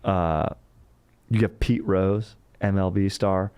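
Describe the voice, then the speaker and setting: Man, podcast host, casual comedic history talk, rambling, profane, fairly deep voice. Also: fairly even intonation, takes it slowly, darkish tone, clean tone, dry recording.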